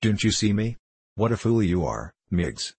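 A man's voice: lowish voice, big pitch swings, measured pace, vocal fry, a little mellow, slightly rough, dry recording, exaggerated voice. A man voicing a pompous young apprentice who pleads urgently and earnestly.

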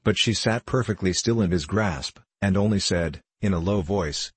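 Low, husky man narrating an audiobook. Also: moderate pace, few pauses, no room sound. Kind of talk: scripted narration.

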